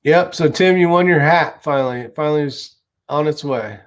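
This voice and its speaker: A man's voice: a little high, moderate pace. Chatty man hosting a live stream. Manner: chatty, rambling, swears casually. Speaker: livestream host. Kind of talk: casual live chat reading viewer comments.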